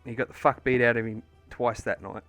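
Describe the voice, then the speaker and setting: An Australian man livestreams from home while painting miniatures, chatting casually and rambling through a story full of swearing and fillers. His voice is medium-pitched and fairly bright, with fairly even intonation and a fairly quick pace. Soft music plays in the background.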